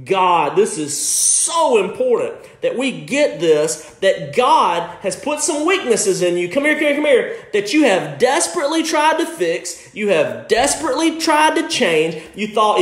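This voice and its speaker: A man preaching a sermon as a pastor, impassioned, with shouts and bursts of laughter. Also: very high voice, sing-song, a little slow, hardly any pauses. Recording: echoey room.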